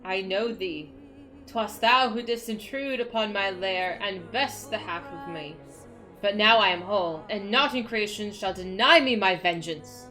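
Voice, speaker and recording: A woman reading aloud as a vengeful ancient male dragon who speaks in archaic words, slow and solemn. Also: mid-range voice, bright, forceful tone, soft background music, low-quality recording. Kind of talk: reading cutscene lines aloud on stream.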